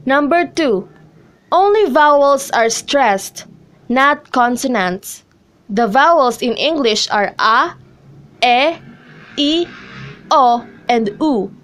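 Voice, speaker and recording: A young woman reading a scripted classroom lesson, slowly and carefully, with pauses between listed example words. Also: high-pitched, animated, a bit bright. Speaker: student presenter.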